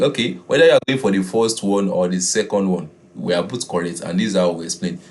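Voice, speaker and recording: A man teaching a beginners' design class, often repeating his key points and pausing with "uh". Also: sits low, darkish tone. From Nigeria. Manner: repeats key phrases, filler "uh". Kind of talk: classroom lesson.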